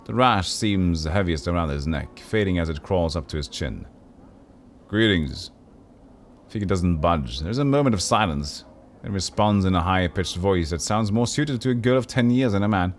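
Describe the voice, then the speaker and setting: A man's voice: deep voice, animated, normal speed, slight background noise. A man streaming a story game, reading the narration and joking with his chat in a self-deprecating way. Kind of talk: reading a game aloud on a livestream, chatting with viewers.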